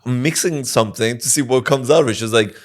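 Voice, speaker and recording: A man's voice: mid-range voice, fast talker. A man co-hosting a podcast in casual chat, often laughing and swearing freely. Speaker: podcast co-host.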